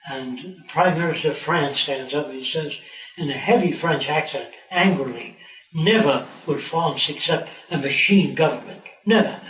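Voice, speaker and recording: An elderly man over ninety giving a rambling, animated talk to visitors as a tour guide. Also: fairly high pitch, roomy sound, far from the mic, slight background noise, poor audio.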